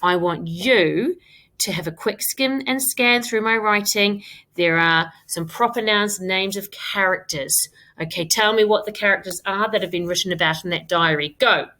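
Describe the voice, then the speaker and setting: A woman's voice: medium pitch, normal speed, pushed and bright. A woman teaching a recorded primary school lesson, encouraging and stressing key words with frequent repetition. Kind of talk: recorded remote lesson for children.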